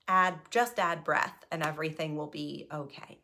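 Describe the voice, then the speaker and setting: A woman with a slightly low voice tells a personal story in a loose, chatty monologue. She is animated, lifts her voice sharply when reliving nervous moments, and keeps checking in with a quick "right?". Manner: chatty, keeps asking "right?" between thoughts. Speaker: improviser and solo stage performer.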